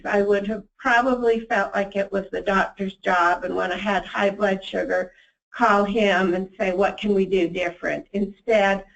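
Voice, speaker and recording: A woman's voice: mid-range voice, vocal fry, distant mic, highs cut off. A woman telling her own story as a patient, speaking in an earnest, plain way. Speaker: patient giving a testimonial. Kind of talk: personal testimonial.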